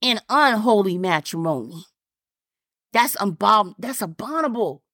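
A woman with a mid-range, somewhat bright voice preaches a fervent sermon, speaking a little slowly with lively intonation. As a pastor, she repeats her points and fires off rhetorical questions in a casual, folksy style, using Southern-flavored phrasing like "y'all" and "ain't." The recording is studio quality, with no room sound.

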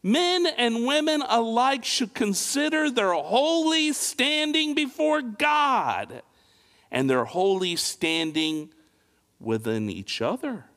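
A man's voice: very high voice, big pitch swings, takes it slowly, a bit bright. A male pastor delivering a sermon with dramatic swings of emphasis and pointed rhetorical questions. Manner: dramatic, rising and falling preaching with rhetorical questions. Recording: long reverb of a large hall.

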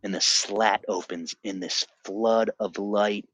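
A man's voice: fairly low pitch, steady tone, fairly bright tone. Earnest man telling a vivid testimony. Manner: earnest, vivid, halting with restarts. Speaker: podcast guest sharing his testimony. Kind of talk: personal testimony storytelling.

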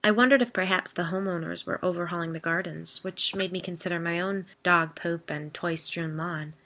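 A woman narrating a first-person storybook in a steady, expressive read. Her voice is slightly low, with a forceful, bright edge. The delivery is scripted and even throughout. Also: moderate pace. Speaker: audiobook narrator.

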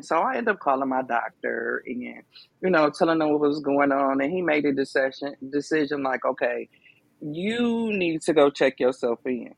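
Gravelly-voiced woman telling her story. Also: deep voice, expressive, moderate pace, no room sound. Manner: emphatic, conversational, lots of fillers. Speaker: podcast guest. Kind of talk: casual testimony.

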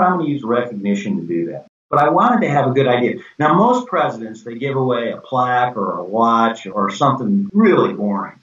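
An older man talks through business anecdotes and slips into the voices of people he quotes. He sits back from the microphone, and the room gives his voice a roomy echo. The recording sounds a little dull. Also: mid-range voice. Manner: animated anecdotes with quoted dialogue. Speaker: guest, former company president. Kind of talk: conversational storytelling. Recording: echoey, distant, dull sound.

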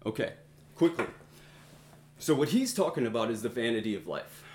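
A man leading a Bible study, teaching a group in a conversational way and pausing to find his words. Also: mid-range voice, very animated, darkish tone, reverberant, a little hiss or hum. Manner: conversational, thinks aloud, pauses to find words. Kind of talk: informal teaching talk to a group.

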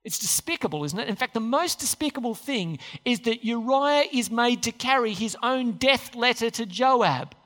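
Preacher, sermon, animated and questioning, long reverb from a large church hall. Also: medium pitch, moderate pace, few pauses. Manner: storytelling with rhetorical questions, acted-out quotes.

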